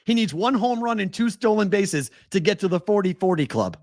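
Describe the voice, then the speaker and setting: A man's voice: sits high, brisk, no room sound, clean studio sound. A man hosting a casual sports betting show, rattling off odds and stats with incredulous energy. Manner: animated, incredulous, stat-heavy.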